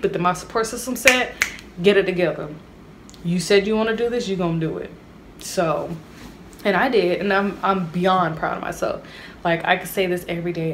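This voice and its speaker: Chatty young woman with a low voice. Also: a little hiss or hum. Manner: chatty, animated, talks straight to viewers. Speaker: vlogger. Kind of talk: casual storytime monologue.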